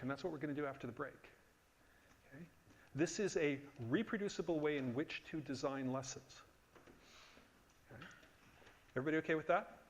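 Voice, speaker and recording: A man's voice: on the high side, brisk, lo-fi sound, slight background noise. Middle-aged guy teaching a workshop, keeps asking "okay?", jokey and emphatic. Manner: emphatic, joking, asks the room for agreement. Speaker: workshop instructor. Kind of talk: lively conference tutorial lecture. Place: conference lecture room.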